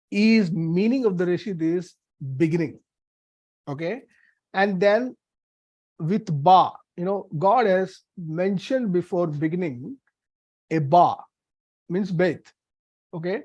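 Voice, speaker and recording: Casting: high-pitched man, halting Bible teacher, dry close sound. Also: darkish tone, no room sound. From India. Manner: halting, many fillers and restarts. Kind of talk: teaching a lesson on Hebrew letters.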